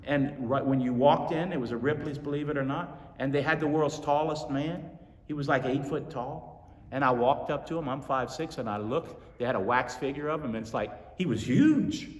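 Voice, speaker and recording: A male pastor preaching a sermon, telling stories with animated energy and repeating lines for emphasis. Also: mid-range voice, normal speed. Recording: echoey hall from far off.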